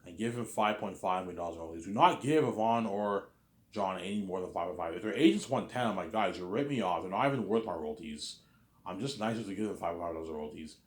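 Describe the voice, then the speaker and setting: A man's voice: sits low, expressive, quick pace. A man rambling in a casual monologue, repeating himself and using many fillers. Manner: repetitive, filler-heavy. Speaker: host. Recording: roomy echo.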